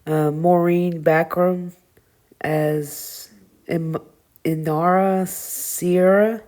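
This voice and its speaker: A woman with a Southern US accent reading her review notes aloud, halting and stumbling over names. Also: fairly low pitch, fairly even intonation, warm tone. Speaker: show reviewer.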